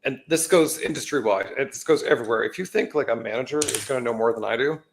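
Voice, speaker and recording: Chuckling man trading quick asides. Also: medium pitch, slight background noise. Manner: laughs often, chimes in with quick asides. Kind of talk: casual chat. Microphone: live stream microphone.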